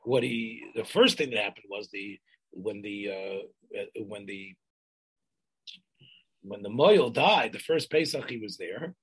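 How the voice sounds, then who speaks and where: An older man telling a community history in an oral history interview, halting and restarting often, sprinkling in Yiddish and Hebrew terms. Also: fairly low pitch, a bit bright, slightly rough, low-quality recording.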